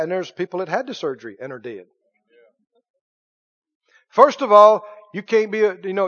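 A man preaching a lively sermon, dropping to hushed asides and rising to shouts. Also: high voice, highs cut off.

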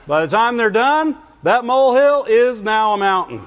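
Male preacher, high voice, chatty sermon style, dull recording, long church reverb. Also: brisk, hardly any pauses. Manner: conversational, asks the congregation questions, animated pitch jumps.

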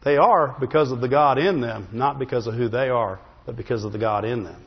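A man's voice: medium pitch, brisk, breathy edge. A man preaching a sermon in a church, telling a Bible story with humor and checking in with the congregation by asking "Amen?" again and again. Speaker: pastor. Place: church sanctuary. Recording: long hall reverb, dull sound.

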